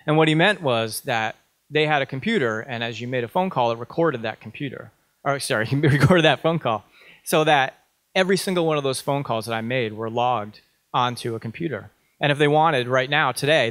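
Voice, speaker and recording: A man in his thirties speaks at a conference and tells a personal story. He talks in a conversational way, full of ums and small restarts. His voice sits at an ordinary middle pitch, and the sound is dry and close. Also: fairly bright tone, no room sound.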